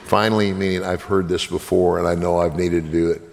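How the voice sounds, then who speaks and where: A man's voice: sits low, level tone, brisk, vocal fry, long reverb tail. A man giving an earnest sermon testimony as a minister, appealing directly to his listeners.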